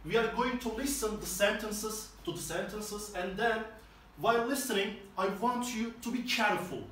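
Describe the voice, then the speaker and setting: Man, English teacher, high voice, slow step-by-step explanations, echoey room, far from the mic. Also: pushed and bright, a little hiss or hum. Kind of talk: classroom lesson explanation.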